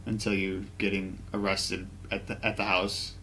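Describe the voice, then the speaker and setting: A man's voice: low voice, moderate pace, slight background noise. A man co-hosting a podcast, joking around in casual chat. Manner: joking, playful, lively. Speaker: podcast co-host.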